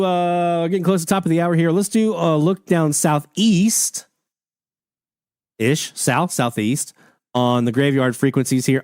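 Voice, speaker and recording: The host of a live radio hobby stream keeps things casual, enthusiastically chatting and sharing listener messages in a folksy style. His mid-range voice has a darkish tone, in a dry, studio-quality recording.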